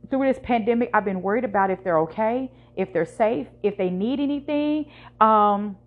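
A woman's voice: mid-range voice, lo-fi sound. A woman hosting her own podcast, speaking candidly and emotionally in a casual monologue with slang. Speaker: podcast host. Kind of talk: personal confessional monologue.

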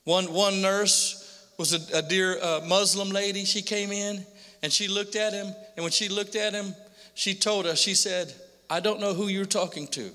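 A man's voice: high-pitched, steady tone, unhurried, sharp tone. A middle-aged father telling an emotional personal testimony to a pastor, earnestly and with frequent repetition. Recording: long hall reverb.

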